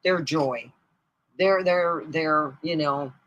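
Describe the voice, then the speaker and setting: A woman host telling funny family stories on a live stream, animated, often laughing and jumping into high excited squeals. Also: slow, muffled recording. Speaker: comedic storyteller hosting a live stream. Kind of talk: casual stand-up style family storytelling. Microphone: streaming mic.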